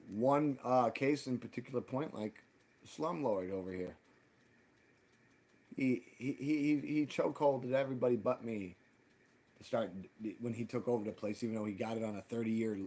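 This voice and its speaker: A man hosting a live stream, telling a heated, profane story and acting out both sides of past arguments. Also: mid-range voice. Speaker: livestream host.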